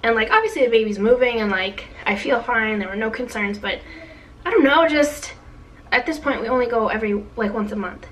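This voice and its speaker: A woman's voice: on the high side, fast talker, hardly any pauses, a bit bright, far from the mic, slight background noise, rough recording. A young woman telling a long personal story in a casual vlog, chatty, with lots of fillers as she quotes what others said. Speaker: vlogger.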